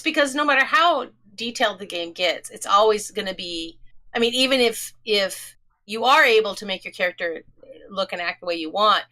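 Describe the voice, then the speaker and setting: Emphatic, bright-voiced woman co-host. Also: mid-range voice. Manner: emphatic, agreeing. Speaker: podcast co-host. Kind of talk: casual podcast chat.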